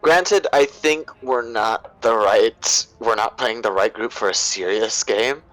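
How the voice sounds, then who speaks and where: A man's voice: lowish voice, slow, fairly bright tone, no room sound, poor audio. A man chatting casually as a player after a tabletop game, joking around. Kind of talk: casual chat.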